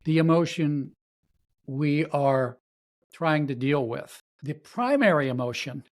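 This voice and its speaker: A middle-aged man guest in a podcast interview, talking in halting, repeated starts and acting out quoted lines with sudden jumps in pitch.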